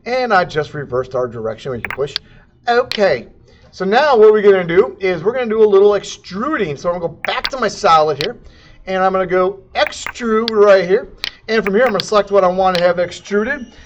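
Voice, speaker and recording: A man with a high voice walks through a CAD tutorial in a loose, goofy way, scatting little sound effects between steps. The recording is dull and lo-fi, with a faint hiss underneath. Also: animated, fairly quick. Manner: goofy, jokey, sound effects and silly accents. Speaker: CAD instructor. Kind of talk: casual screen-recorded tutorial.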